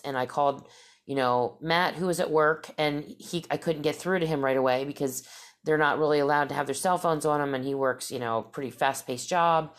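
Low-voiced middle-aged woman telling a rambling story. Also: fairly even intonation, fairly quick. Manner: rambling, emphatic, with many restarts. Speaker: vlogger. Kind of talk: casual storytelling to viewers.

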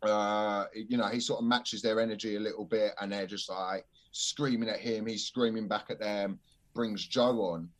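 A man's voice: fairly low pitch, fairly even intonation, moderate pace. A man, a stand-up comedian telling a gig story in casual podcast chat, swearing freely and laughing often.

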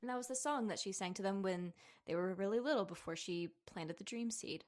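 A woman's voice: mid-range voice, brisk. A woman co-hosting a podcast, recapping a show in giggly, playful chat. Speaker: podcast co-host. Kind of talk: casual chat.

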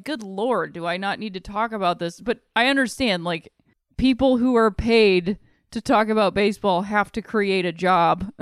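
A woman's voice: medium pitch, clear, resonant tone, no room sound, clean studio sound. A young adult woman hosting a solo podcast, talking in a rambling, frank way with some swearing, sleepy and yawning. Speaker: podcast host. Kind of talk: casual solo podcast monologue.

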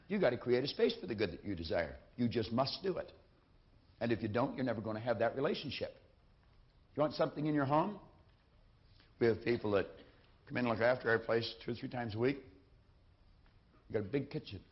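A man's voice: medium pitch, lively intonation, a little fast, long pauses. A man giving a motivational lecture from a lectern, speaking emphatically and repeating his key phrases. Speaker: seminar speaker. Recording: dull lo-fi recording.

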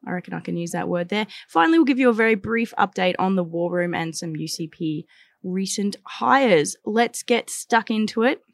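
A woman reporter hosting a casual politics podcast in a newspaper studio, playful, chatty and quick to laugh. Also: mid-range voice, lively intonation, gravelly, dry recording. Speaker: podcast host and provincial affairs reporter.

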